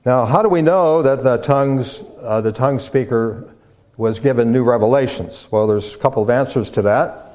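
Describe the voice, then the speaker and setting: A man preaching a sermon, teaching from scripture in a measured way with frequent pauses, fillers and restarts. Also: mid-range voice, a little mellow. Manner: halting restarts.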